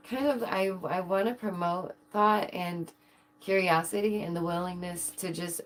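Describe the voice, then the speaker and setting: Chatty woman host, low-ish voice. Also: slight background noise. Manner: chatty, playful, giggly asides. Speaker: channel host. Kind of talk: casual livestream chat.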